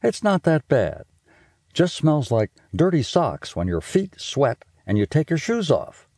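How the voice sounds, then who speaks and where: A man voicing an excitable young boy who loves smells, eager and boastful. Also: fairly high pitch, a little slow, no room sound, studio quality, pitched above the performer's own voice, full character voice.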